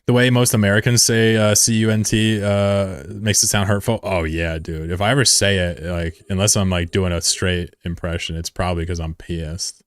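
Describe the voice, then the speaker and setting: Deep-voiced guy streaming a game, rambly and sweary, laughs a lot. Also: steady tone, moderate pace, hardly any pauses, smooth, no echo, studio quality. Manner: rambling and profane, chuckling often. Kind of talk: casual live-stream commentary.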